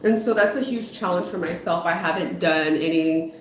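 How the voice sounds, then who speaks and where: A woman's voice: fairly low pitch, normal speed, a little hiss or hum. A woman, a spiritual medium and psychotherapist, chatting casually with viewers on a livestream while giving tarot readings; she greets people and often trails off and restarts. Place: home, dog heard outside. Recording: roomy sound with music behind.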